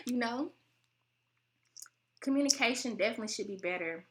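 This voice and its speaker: A young American woman hosting her own channel, chatting casually and animatedly, laughing often, and her voice sounds a bit teary even when she's not upset. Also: moderate pace, background noise. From United States. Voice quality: voice sounds close to tears. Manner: animated, laughing, mimics relatives in high voices. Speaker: vlogger host. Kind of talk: casual talking-to-camera chat.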